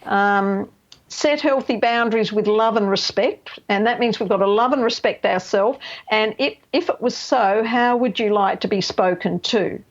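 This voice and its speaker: A middle-aged woman counsellor speaks as a radio guest in a gravelly, creaky voice. She explains things emphatically, often checking in with "right?" and "you know". The audio is slightly dull and lo-fi. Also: medium pitch, moderate pace. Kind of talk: radio interview.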